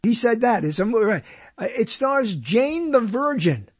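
Male host, husky voice, dry close sound, loose jokey delivery with frequent self-corrections. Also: very high voice, very animated, unhurried, dry recording. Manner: jokey and rambling, corrects himself often. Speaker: host counting down badly reviewed movies. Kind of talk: casual solo commentary.

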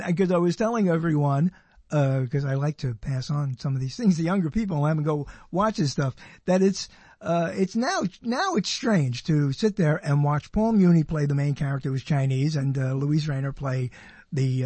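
An older man hosting a talk show, his voice a touch higher than most men's and slightly husky. He talks casually, thinks aloud and often restarts a phrase. The sound is dry and close. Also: darkish tone, dry recording. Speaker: radio show host. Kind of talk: casual conversation.

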